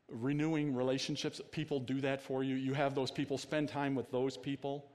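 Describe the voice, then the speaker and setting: Guy preaching in church, chatty, keeps asking the crowd stuff, mid pitch, long echo on it. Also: little pitch movement, moderate pace, few pauses. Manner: conversational preaching with audience questions, trailing into quiet emphasis. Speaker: pastor. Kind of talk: sermon.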